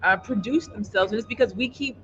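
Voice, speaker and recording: A man's voice: sits high, brisk, a bit bright, lo-fi sound, a little hiss or hum. A man hosting a livestream panel discussion, earnest and stumbling over his words, with a slight lisp from teeth aligners.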